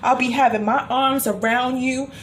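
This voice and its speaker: A woman's voice: high voice, steady tone, normal speed, a little hiss or hum. A woman spiritual healer speaking soothing, repetitive reassurance during a live-streamed healing session.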